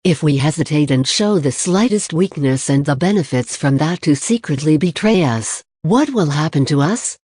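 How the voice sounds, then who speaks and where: A man's voice: on the high side, animated, moderate pace, few pauses, a little mellow, husky, no echo, clean studio sound. A narrator voicing a suspicious, hardline man who speaks insistently, in an audiobook reading. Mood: wary.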